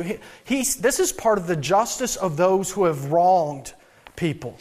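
High-voiced man preaching a sermon. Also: animated, measured pace. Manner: earnest, thinking aloud with frequent restarts. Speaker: pastor.

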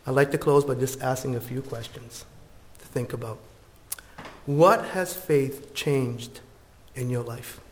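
A man preaching a sermon, telling a story and closing in prayer in an earnest, unhurried manner. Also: mid-range voice. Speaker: pastor.

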